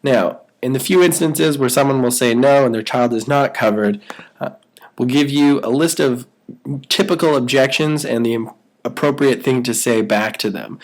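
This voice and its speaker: A man teaches new callers how to work a phone script. He speaks at a steady middle pitch and slips into an upbeat, persuasive salesman's patter when he acts out the call. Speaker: sales trainer. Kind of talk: training walkthrough with role-played sales calls.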